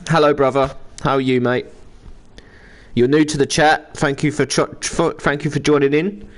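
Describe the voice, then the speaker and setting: A man's voice: fairly high pitch, level tone, normal speed. Chatty man streaming a game. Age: 30s. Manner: chatty, greets viewers by name, reads game text aloud. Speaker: gaming livestreamer. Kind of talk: casual live-stream commentary while playing a football management game.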